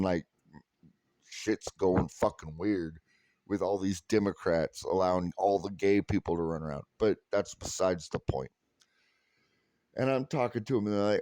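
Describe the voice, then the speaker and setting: A man's voice: on the low side, normal speed, darkish tone, dry recording. A man from California telling a heated, sarcastic story full of swearing, in a profane rant. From California, USA. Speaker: vlogger.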